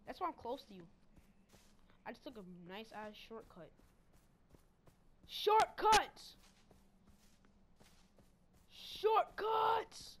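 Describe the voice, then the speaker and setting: Excitable high-voiced trash-talking woman gamer. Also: moderate pace, pauses often. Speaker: gamer playing with a friend. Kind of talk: casual gaming commentary.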